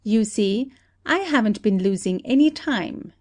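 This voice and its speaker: A woman voicing a shrewd country detective who calmly lays out an accusation in a play reading. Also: on the high side. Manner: steady, deliberate accusing. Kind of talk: amateur audiobook play reading.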